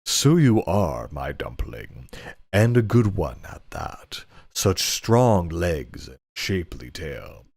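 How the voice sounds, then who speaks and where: A man's voice: sits low, very animated, a little mellow, no echo, exaggerated voice. A man doing a leering old nobleman. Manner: slow, leering, suggestive drawl. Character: lecherous old male nobleman, smug. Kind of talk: comic dramatic reading.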